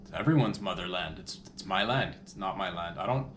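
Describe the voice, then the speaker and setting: A man's voice: deep voice, animated, fairly quick, a bit bright, echoey room, slight background noise. A man hosting a comedy podcast, rambling loosely with crude jokes and asides. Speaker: podcast host.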